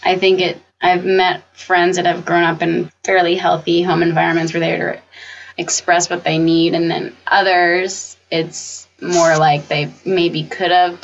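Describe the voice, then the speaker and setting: A woman's voice: lowish voice, vocal fry. A young woman co-hosting a faith-based talk, reflecting thoughtfully with hesitant restarts. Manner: reflective, hesitant restarts, frequent affirming murmurs. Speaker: podcast co-host. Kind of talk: casual faith-based discussion. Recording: dull lo-fi sound with faint background hiss.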